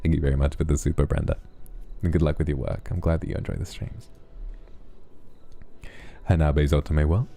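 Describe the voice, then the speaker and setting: A man streamer reading out viewer donation messages in a sleepy ASMR style, soft, affectionate and relaxed, close to the microphone. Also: very deep voice.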